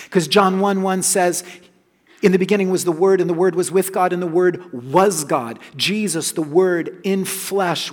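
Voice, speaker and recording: A man preaching a sermon, earnest and emphatic, dropping soft on key phrases. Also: high voice, long reverb tail. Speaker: pastor.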